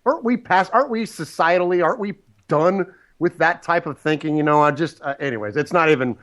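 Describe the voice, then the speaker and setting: A man's voice: fairly high pitch, fairly quick, fairly bright tone. A man co-hosting a sports podcast, ranting casually with lots of restarts. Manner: rambling, indignant, many restarts.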